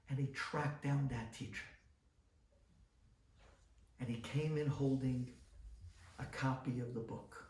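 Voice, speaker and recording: Recorded on a distant mic in an echoey room, a male rabbi with a medium-pitched voice gives an inspirational talk. His storytelling is dramatic, shifting between loud bursts and hushed asides.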